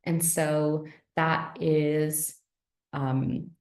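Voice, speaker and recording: A woman with a fairly low voice gives a relaxed health lesson and keeps checking in with her listeners. Her talk is chatty and full of questions. The sound carries a noticeable room echo. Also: extremely slow. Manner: conversational, asks rhetorical questions, frequent "right?". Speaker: naturopathic teacher. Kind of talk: online health lecture. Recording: roomy echo.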